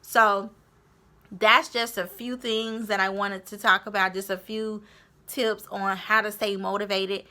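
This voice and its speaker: Bright-voiced woman giving upbeat motivational tips. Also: medium pitch, little pitch movement, a little slow. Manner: encouraging, repeats key points, speaks straight to viewers. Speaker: vlogger. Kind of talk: motivational tips talk to camera.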